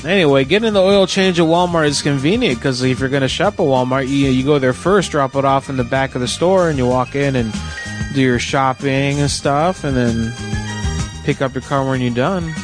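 A man hosting a casual talk radio show who sounds sick, rambling through stories in a loose, profane way. His pitch sits in an ordinary middle range. Music plays steadily behind him. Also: moderate pace. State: sick, congested.

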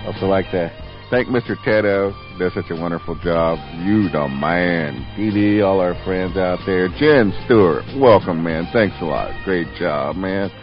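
A man's voice: deep voice, unhurried, lo-fi sound, soft background music. A man hosting a radio show, rambling through a crude, joking sign-off.

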